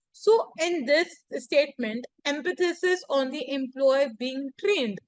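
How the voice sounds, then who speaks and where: A woman with a high, bright voice teaches grammar online. She works slowly through one example after another, and her phrasing and pronunciation are non-native. The recording is close and dry, with no room sound. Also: no echo, low-quality recording. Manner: explains step by step with repeated examples, frequent "so" and "here". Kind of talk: grammar lecture.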